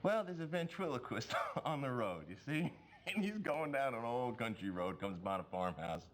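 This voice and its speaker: Man telling a joke in a game, chuckling, lively pitch, storyteller tone. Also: moderate pace, slight background noise. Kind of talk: digitized game dialogue.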